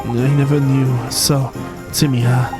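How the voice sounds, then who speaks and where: A man's voice: medium pitch, fairly quick, pitched above the performer's own voice, lightly acted. A man voicing an earnest, polite young boy hero who asks a lot of questions, over game music. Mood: curious.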